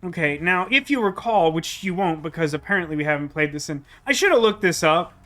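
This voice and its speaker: Playing a puzzle game, a streamer with an expressive, mid-range, slightly bright voice talks a little fast. The let's-play commentary is casual and rambling, self-deprecating, and filled with fillers, especially "like."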